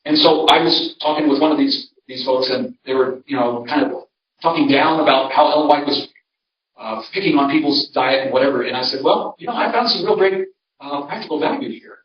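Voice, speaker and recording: An older pastor gives a conversational seminar talk in a church hall, telling homespun stories and restarting often. His mid-range voice is steady and a little fast, with slight background noise, and the recording sounds roomy, distant, and dull.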